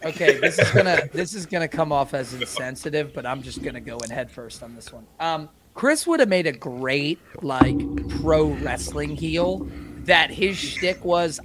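A man co-hosting a podcast, excitable, riffing on jokes and pressing for details. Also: fairly high pitch, normal speed, noisy background. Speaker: podcast co-host. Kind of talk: casual podcast banter.

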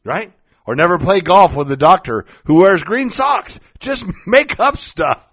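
In this casual monologue, a middle-aged man with a high, somewhat bright voice gives advice on being goofy, speaking slowly and expressively. He jokes and laughs often in a playful, relaxed way. The lo-fi recording sounds dull.

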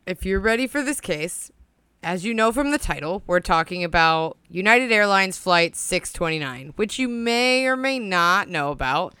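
A woman's voice: mid-range voice, lively intonation, moderate pace, sharp tone, clean tone, dry recording. A woman co-hosting a casual podcast, giggly and rambling, swearing now and then. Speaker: podcast co-host. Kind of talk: casual chat.

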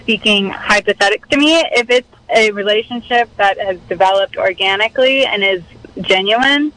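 A woman guest speaking reflectively and hesitantly, with frequent pauses and fillers. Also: medium pitch, fairly bright tone, no echo, poor audio. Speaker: podcast guest. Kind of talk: reflective conversation.

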